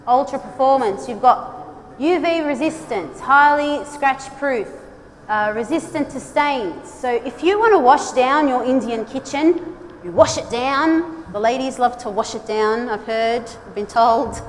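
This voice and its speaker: A woman giving a lively, direct conference presentation to a trade audience, urging them on with playful asides. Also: high-pitched, measured pace. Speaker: design speaker at a trade congress. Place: large conference hall. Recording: long hall reverb, faint background noise.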